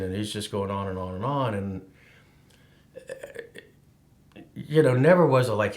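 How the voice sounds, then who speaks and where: A plain-spoken middle-aged man answers in a documentary interview. He talks slowly and leaves pauses. His voice is very deep. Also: a little mellow.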